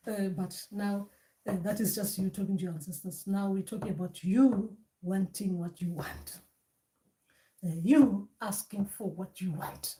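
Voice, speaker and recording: A woman's voice: mid-range voice, normal speed, mellow. Woman teaching spirituality. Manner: conversational, with many fillers and restarts.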